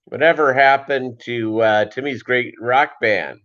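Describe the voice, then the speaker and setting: A man hosting a casual livestream, rambling with many fillers and pauses and reading chat comments aloud. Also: medium pitch. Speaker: livestream host. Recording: dull lo-fi stream audio.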